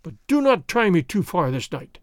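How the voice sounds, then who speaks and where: A man's voice: high voice, sing-song, normal speed, no room sound, clean studio sound. A man voicing a big, blustering sergeant who roars and sputters. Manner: roaring, sputtering. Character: big blustering sergeant, loud and choking with rage.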